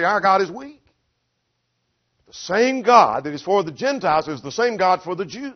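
A man preaching an expository sermon, emphatic and driven by rhetorical questions, acting out the quoted voices. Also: fairly high pitch. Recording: dull lo-fi sound.

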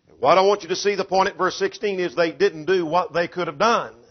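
A man's voice: sits high, a little fast, breathy edge. A man preaching an expository sermon, emphatic and driven by rhetorical questions, acting out the quoted voices. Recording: dull lo-fi sound.

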